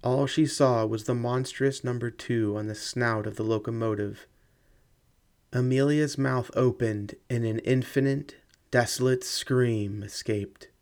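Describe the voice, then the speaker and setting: A man giving measured, dramatic scripted narration of a ghost story audiobook. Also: mid-range voice, steady tone, a little mellow.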